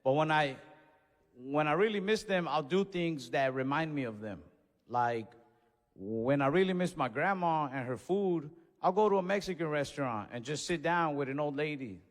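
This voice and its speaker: A young man telling a stand-up story in a laid-back, conversational way, now and then shouting a punchline. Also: a little high, expressive, normal speed. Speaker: stand-up comedian. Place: comedy club stage with audience. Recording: live venue with long reverb, faint room noise.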